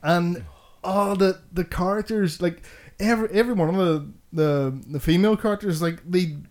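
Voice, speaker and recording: A man's voice: sits high, normal speed, darkish tone. A man hosting a casual podcast chat. He rants about what he dislikes, swears heavily and laughs between his complaints. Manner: ranting, heavy swearing. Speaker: podcast host.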